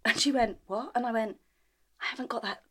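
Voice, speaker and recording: A woman, co-hosting a podcast in casual chat and telling animated stories full of laughter. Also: fairly high pitch, fairly quick. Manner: animated storytelling, laughs often, acts out her own lines. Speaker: podcast co-host.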